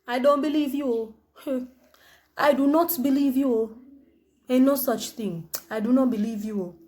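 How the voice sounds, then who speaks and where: A woman's voice: high voice, a little slow, a little mellow. A Nigerian woman acting a jealous female friend who needles and doubts in a comedy skit. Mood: doubting. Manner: sceptical, needling, humming disapprovingly.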